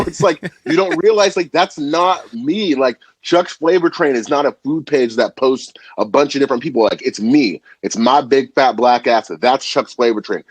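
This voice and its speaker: A young man with a husky voice talks in a loose, animated way, full of slang and the odd curse. He is a podcast guest chatting about making food videos. The sound is dry and close, with no room around it. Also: medium pitch, moderate pace, hardly any pauses, dry recording. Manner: animated, slangy, swears freely. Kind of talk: casual chat.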